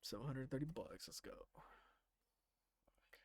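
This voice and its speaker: A man's voice: medium pitch, sing-song, moderate pace, a little mellow. A man chatting casually and swearing freely while streaming a game, laughing often and muttering to himself as he plays. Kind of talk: casual live-stream chat while playing.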